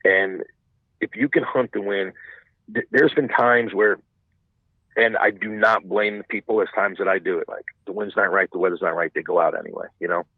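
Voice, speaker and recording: A man's voice: sits low, moderate pace, husky, dry recording, narrow, tinny audio. A man chatting casually as a podcast guest, talking in rambling stretches full of restarts and asides. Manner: rambling, many restarts and "you know what I'm saying". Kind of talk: casual chat.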